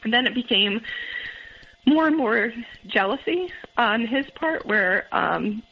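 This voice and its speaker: A woman in her thirties, a guest recounting her own past in a halting way, with many fillers and restarts. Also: fairly high pitch, animated, husky. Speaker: interview guest. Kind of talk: candid personal storytelling. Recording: muffled phone-line audio.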